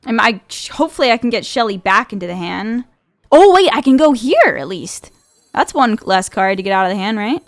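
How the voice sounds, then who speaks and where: A woman's voice: a little high, big pitch swings, brisk. A young woman streaming a card game in chatty, think-aloud commentary with frequent laughter. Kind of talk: casual gameplay commentary.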